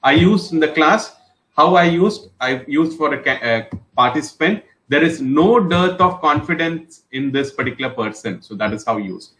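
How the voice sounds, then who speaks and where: A man's voice: on the high side, lively intonation, normal speed, fairly bright tone. Man teaching vocabulary, echoey room. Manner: repetitive, explains words with example sentences; frequent fillers and restarts, encouraging. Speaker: trainer. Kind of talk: online English vocabulary class.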